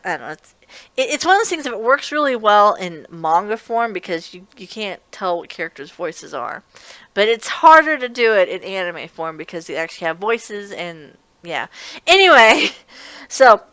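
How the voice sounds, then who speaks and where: A woman giving a casual spoken review of an anime episode, talking quickly and excitedly with many restarts. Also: mid-range voice, clear, resonant tone, no room sound. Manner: rapid, excitable talk with many restarts and laughs.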